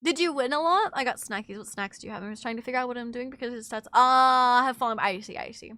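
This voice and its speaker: A woman's voice: a little high, fast talker, sharp tone, no echo, studio quality. A woman streamer chatting casually with her live chat, reading messages aloud, swearing freely, and sounding a little under the weather. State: a bit sick.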